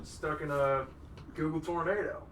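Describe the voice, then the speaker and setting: A man in his twenties co-hosts a podcast in casual chat, wisecracking and laughing a lot. His voice is fairly high and a bit bright, with a steady tone and slightly slow pace. The recording sounds roomy, with a distant mic and faint hiss.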